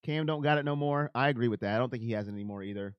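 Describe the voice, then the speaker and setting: A man hosting a casual live stream. He chats with viewers by name and talks in an emotional, animated way. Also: mid-range voice, racing, clear, resonant tone, no echo, muffled recording. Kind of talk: casual live chat about football.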